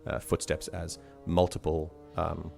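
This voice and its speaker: A man's voice: deep voice, completely flat delivery, unhurried, gravelly, darkish tone, soft background music. A man narrating as game master of a tabletop game, hesitant with many fillers.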